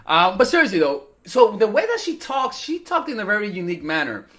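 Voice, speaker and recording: A young man talking to camera as a dating coach, telling a story in a casual, animated way and acting out the lines he quotes, with the odd swear word. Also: sits high, brisk.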